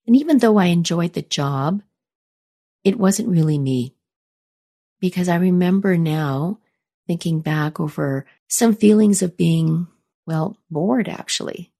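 A middle-aged woman hosting a podcast, telling a personal story in a calm, earnest, encouraging way. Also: on the low side, measured pace, gravelly. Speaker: podcast host.

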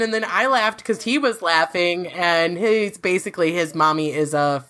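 A woman hosting a casual podcast chat, talkative and quick to laugh, often restarting her sentences. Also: on the low side, fairly bright tone. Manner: chatty, laughs easily, rambling restarts. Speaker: podcast host; works in farm market analysis.

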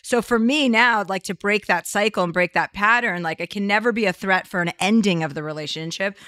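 Bright-voiced woman, candid podcast host. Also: mid-range voice, fairly quick, no echo, studio quality. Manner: candid, chatty, crude joking. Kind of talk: casual conversation.

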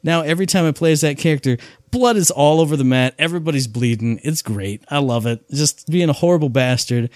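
A man's voice: fairly high pitch, fairly quick, hardly any pauses, no room sound, clean studio sound. A man co-hosting a casual podcast, telling stories in an enthusiastic, rambling way. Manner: enthusiastic, rambling, animated storytelling. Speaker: podcast co-host. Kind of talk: casual chat.

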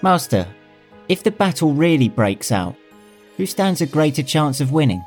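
A man's voice: a little high, very animated, moderate pace, darkish tone, faint music behind, pitched above the performer's own voice. A man doing a pert young servant boy. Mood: cheeky. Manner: pert, mouthy.

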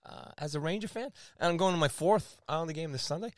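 A man from New York co-hosting a sports radio show in casual chat, excitable and quick to laugh. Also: on the high side, no echo, studio quality. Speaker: co-host.

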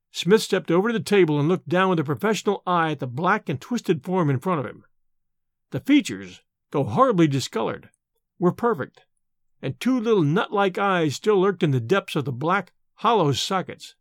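Male narrator with a high, animated voice; vivid reading, dry recording. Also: moderate pace, no room sound. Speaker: audiobook narrator. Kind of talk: scripted narration.

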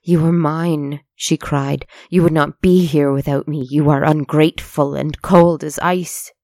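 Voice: medium pitch, steady tone, measured pace, a little mellow, dry recording, clean studio sound, lightly acted. A storyteller voicing a proud witch who pleads with intensity. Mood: furious. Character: proud, desperate witch, adult woman.

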